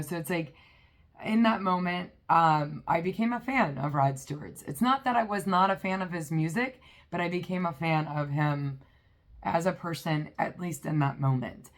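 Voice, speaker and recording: A woman vlogger telling a personal story in a chatty, rambling way, with many fillers. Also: sits low. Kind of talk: casual storytelling.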